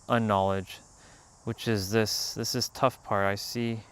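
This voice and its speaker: A man hosting a casual outdoor livestream, talking in a rambling, animated way and calling out to people passing by. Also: fairly low pitch, a little slow, smooth. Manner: rambling, animated, calls out to passersby. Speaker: livestream host. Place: outdoors near a park.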